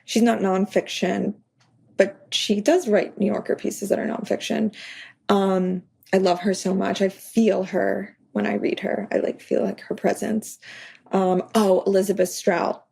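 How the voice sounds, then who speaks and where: A woman guest on a podcast interview talks casually and at length, peppering her speech with "like" and acting out the back-and-forth of her own stories. Her voice has a gravelly, creaky edge and a husky, slightly breathy texture. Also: mid-range voice, little pitch movement, unhurried, dark tone. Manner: chatty, full of "like", acts out her own anecdotes. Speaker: guest author.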